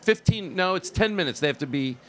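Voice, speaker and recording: A man hosting a comedy podcast, setting up an improv scene with an animated delivery and frequent laughter. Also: high-pitched, brisk, a little hiss or hum. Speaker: podcast host.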